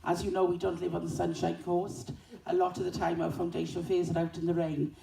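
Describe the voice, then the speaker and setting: At a community event, a woman speaking for a school gives a short speech thanking a fund, hesitating and correcting herself as she goes. Her voice sits on the low side and sounds mellow and creaky, with a flat, brisk delivery. She was recorded from far off in an echoey hall with faint noise.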